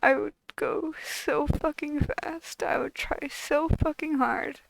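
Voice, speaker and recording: A woman's voice: sits high, steady tone, slow pace, vocal fry, dry recording, poor audio. A woman channel host venting to camera in a frustrated, profane, bitter way.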